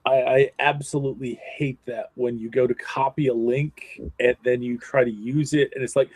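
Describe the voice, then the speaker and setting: A man co-hosting a casual stream, speaking haltingly with wry asides. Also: medium pitch, steady tone, a little mellow, breathy edge, dry recording. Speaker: stream co-host. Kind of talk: casual chat.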